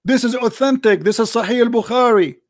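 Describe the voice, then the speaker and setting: A combative man with a high voice argues hard on a livestream, cutting in and repeating himself insistently. His voice is getting worn as he talks. The sound is close and dry. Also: brisk, no echo. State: losing his voice. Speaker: livestream debate host. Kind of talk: heated live call-in debate.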